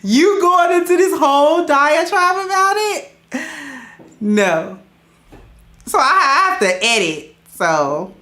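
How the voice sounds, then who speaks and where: A woman with gives casual advice. She talks in a high, unhurried voice, laughs often and acts out little scenes. The room around her sounds echoey. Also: very animated, bright, forceful tone. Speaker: podcast host.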